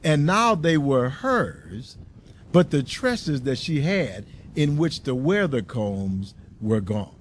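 A man reading a story aloud and turning it into a sermon, slow and deliberate with emphasis. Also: mid-range voice, big pitch swings, slight background noise. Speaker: preacher.

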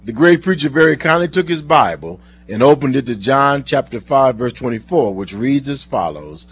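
A male preacher delivering a sermon, telling stories and reading scripture slowly and earnestly in a husky voice. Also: mid-range voice, lively intonation. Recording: dull lo-fi recording.

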